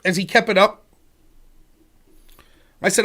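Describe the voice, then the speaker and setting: A man's voice: extremely high pitch, big pitch swings, moderate pace, fairly bright tone. A man hosting a livestream, ranting in a sarcastic, profane way. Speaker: streamer host.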